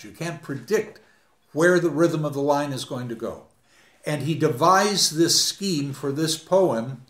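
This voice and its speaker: Slow, emphatic male lecturer in echoey hall. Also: on the high side. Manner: emphatic, dramatic, wide swings in loudness. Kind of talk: conference lecture on poetry. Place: conference hall.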